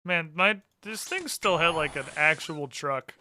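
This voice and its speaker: A man's voice: on the high side, a little slow, noisy background. A man chatting casually and sardonically on a live game stream, muttering to himself between rants. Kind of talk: casual live-stream chat while gaming.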